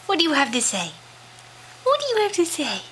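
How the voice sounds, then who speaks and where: A woman's voice: high-pitched, wildly swooping pitch, brisk, a bit bright, a little hiss or hum, low-quality recording. A mother filming her baby at home on a handheld camera, using playful, sing-song baby talk and coaxing questions. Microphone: handheld home camera she is filming with.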